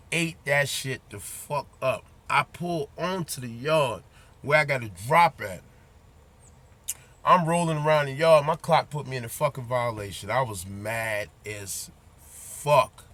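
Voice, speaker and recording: A man's voice: mid-range voice, expressive, takes it slowly, pauses often, fairly bright tone. A man who drives trucks, ranting bluntly and profanely to his viewers in a casual vlog, repeating his points and speaking straight to them.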